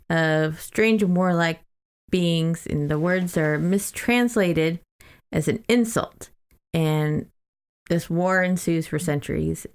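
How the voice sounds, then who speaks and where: Woman podcast co-host, young adult, low gravelly voice, casual plot recap. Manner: chatty, summarizing a plot with loose quoted asides. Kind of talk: casual book-club chat.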